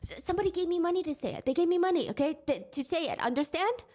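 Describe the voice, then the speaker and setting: A woman putting on the voice of an obnoxious young American man streamer who repeats himself and shouts. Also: extremely high pitch, animated, very fast, voice pushed up. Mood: flustered. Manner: shouting, repetitive, belligerent.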